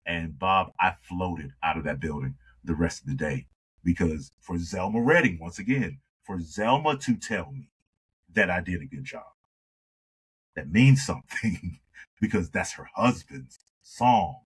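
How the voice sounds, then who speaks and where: Guy, really deep husky voice, animated storyteller acting out the back-and-forth. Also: a little slow, poor audio. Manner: animated storyteller who acts out dialogue. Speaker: singer, interview guest. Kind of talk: storytelling in a conversation.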